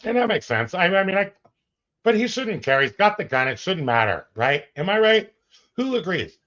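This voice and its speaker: A man's voice: sits high, big pitch swings, moderate pace, a bit bright, a little hiss or hum. A man co-hosting a casual chat about police footage, joking and rambling, laughing often. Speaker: co-host reacting to police footage. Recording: dull lo-fi audio.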